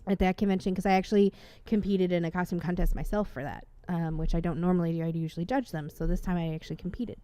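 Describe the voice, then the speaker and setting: A woman guest on a podcast, chatting casually and telling excited, laughing stories. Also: fairly low pitch, quick pace, few pauses, clear, resonant tone, no echo. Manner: bubbly, laughing storyteller. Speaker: guest cosplayer.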